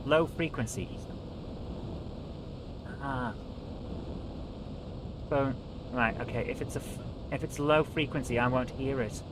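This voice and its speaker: A man's voice: medium pitch, takes it slowly, pauses often, background noise. A British man hosting a live stream, chatting casually and grumbling while he fiddles with his audio settings.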